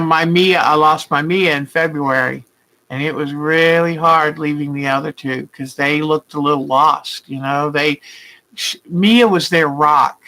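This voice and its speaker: Bright-voiced older woman, chatty. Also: sits low, low-quality recording. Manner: chatty and warm-hearted, greets viewers by name, rambling asides. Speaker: quilting vlog host. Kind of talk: casual live chat with viewers.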